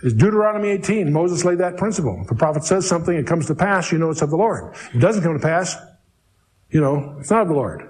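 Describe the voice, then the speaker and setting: A man teaching through a book of scripture verse by verse, reading the old text slowly and breaking in with wry, chatty asides. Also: on the high side, animated, darkish tone, poor audio. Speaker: Bible teacher.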